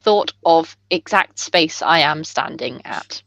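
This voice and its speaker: A woman's voice: low-pitched, animated, slow, vocal fry, a bit bright, dry recording, dull audio, pitched below the performer's own voice, full character voice. A woman voicing a simple-speaking adventurer who talks in clipped, broken phrases. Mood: earnest.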